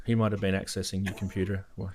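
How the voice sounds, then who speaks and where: A man's voice: sits low, flat delivery, quick pace, a little mellow, slight background noise. A man hosting a live synthesizer stream, chatting casually and laughing often as he greets viewers in the chat. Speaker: host of a live synthesizer show.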